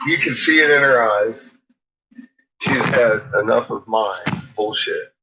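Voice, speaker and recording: A man's voice: mid-range voice, measured pace, sharp tone, dull audio. A man chatting casually at home, teasing and swearing as he talks to his dogs. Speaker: dog owner. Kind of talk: casual chat.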